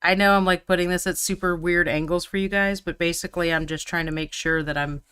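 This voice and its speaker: A woman's voice: fairly low pitch, steady tone, fairly quick, a bit bright, clean tone. A woman chatting casually and teasing her co-host while she paints miniatures on a live stream. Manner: chatty and teasing, often laughing.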